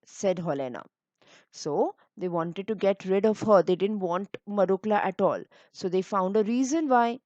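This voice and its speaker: A woman teacher reads out a children's story and explains each hard word in plain, simple terms. Her voice sits at an ordinary middle pitch. It is recorded dry and close, with almost no room sound. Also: normal speed, a little mellow, no echo, lo-fi sound.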